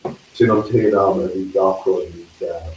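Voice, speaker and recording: A young man with an Irish accent chatting casually and haltingly, trailing off into fillers. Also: deep voice, fairly even intonation, darkish tone. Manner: halting, many fillers and restarts. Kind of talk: casual chat mixing Irish and English. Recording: echoey room, mic far off, faint hiss.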